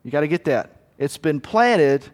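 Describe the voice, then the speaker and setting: A man's voice: on the high side, very animated, moderate pace. Man preaching in a reverberant hall. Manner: conversational, acts out murmuring and everyday asides. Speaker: pastor. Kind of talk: sermon.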